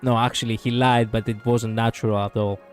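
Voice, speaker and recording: A man's voice: mid-range voice, flat delivery, fairly quick, soft background music. A man casually commenting as he streams a video game, chatty and swearing as he reacts.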